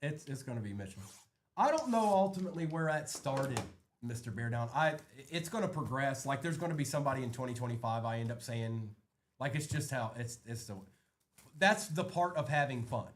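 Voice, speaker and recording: A man's voice: mid-range voice, animated, a little fast. A man hosting a live card break, chatting casually and rattling off names as he opens packs.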